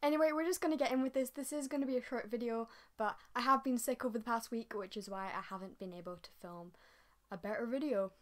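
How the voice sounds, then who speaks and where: A young Scottish woman chatting in a casual vlog and slowly repeating tongue-twister phrases. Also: fairly high pitch. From Scotland. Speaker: YouTuber.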